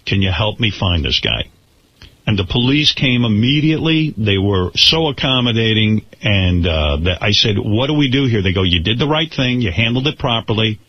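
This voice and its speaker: A man hosting a radio talk show, telling a story with animated delivery, acting out what people said and restarting his words as he goes. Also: on the low side, moderate pace. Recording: slightly dull radio broadcast sound.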